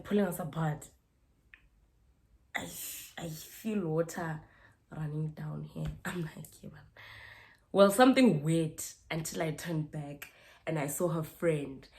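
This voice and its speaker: Animated woman telling a story. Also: deep voice. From South Africa. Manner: animated, re-enacts exchanges, keeps asking "you understand?". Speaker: YouTuber. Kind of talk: casual storytime vlog.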